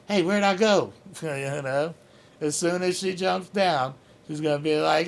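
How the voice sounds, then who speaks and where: A man's voice: a little high, unhurried, creaky. A man hosting his own vlog, chatting in a rambling, profane, joking way and cooing baby talk at his cat. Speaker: host. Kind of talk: casual rambling vlog chat.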